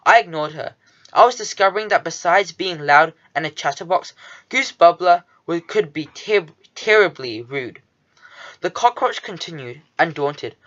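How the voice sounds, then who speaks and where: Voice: mid-range voice, lively intonation, normal speed, fairly bright tone, muffled recording. A reader narrating a children's storybook in the first person, with a nervous, fussy manner. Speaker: audiobook narrator.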